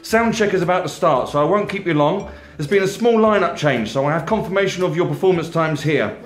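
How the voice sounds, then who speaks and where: A man voicing a brisk, bossy woman who organises a festival, reading a comedy novel aloud in an echoey room. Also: fairly high pitch, faint music behind, voice pushed up, close to an everyday voice. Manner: brisk, commanding, raised voice.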